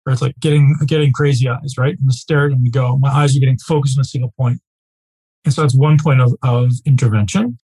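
Husky, mellow-voiced man coaching a group. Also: medium pitch, fairly even intonation, fast, low-quality recording. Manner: casual and emphatic, peppered with rhetorical "right?". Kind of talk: teaching a live group.

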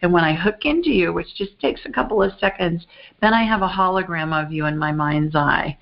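A woman host with a low-set voice chats with her callers in a bubbly, animated way. She fires off quick exclamations and talks warmly through her process. The sound is dull and lo-fi. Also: vocal fry. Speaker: podcast host and psychic. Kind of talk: call-in show chat.

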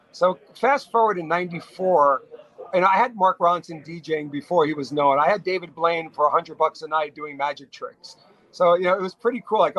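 A middle-aged man from New York, a restaurateur telling stories as a podcast guest, talking in quick bursts with frequent restarts. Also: a little high, low-quality recording. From New York, USA. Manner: animated storyteller, talks fast in bursts with frequent restarts. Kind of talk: casual storytelling interview.

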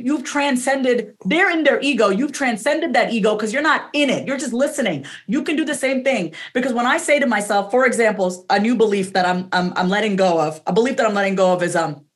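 A woman coach guesting on a podcast, talking candidly and emphatically, cursing freely and acting out her own inner voice. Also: a little high. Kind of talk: casual interview talk.

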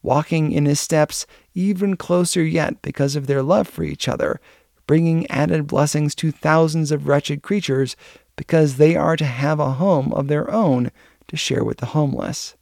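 A man narrating an old novel as an audiobook, in a steady, earnest storytelling manner. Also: a little high, normal speed, gravelly, no room sound, clean studio sound.

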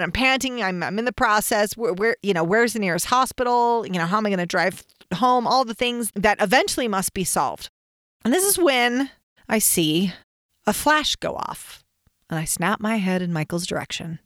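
In clean studio sound with no echo, a female host with a mid-range voice tells a personal story in a casual, animated way. She laughs often and acts out other people's shouts.

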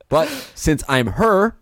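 A young man co-hosting a podcast, chatting casually and joking at his own expense with halting restarts. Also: fairly high pitch, a bit bright, no room sound, clean studio sound. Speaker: podcast co-host. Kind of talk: casual comedic chat.

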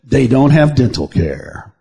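A man's voice: medium pitch, big pitch swings, measured pace, gravelly, dark tone, breathy edge. A man co-hosting a crude comedy news podcast, rambling and teasing with mock outrage. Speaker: podcast co-host.

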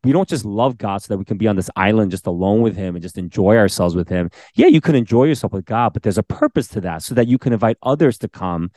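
Excitable man with a low voice. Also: fast talker, hardly any pauses, dry recording. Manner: animated, excitable, exhorting the audience. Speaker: podcast co-host. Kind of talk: casual faith podcast chat.

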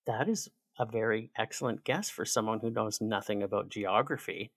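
A man's voice: fairly low pitch, normal speed, vocal fry, a bit bright, breathy edge, dry recording. A Canadian man talking as a podcast guest in a chatty, sarcastic, laughing way. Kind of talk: casual chat.

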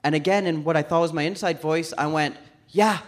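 High-voiced man telling a stand-up story. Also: fast. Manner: animated, acts out voices of people in the story. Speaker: stand-up comedian. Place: comedy club stage before a live audience.

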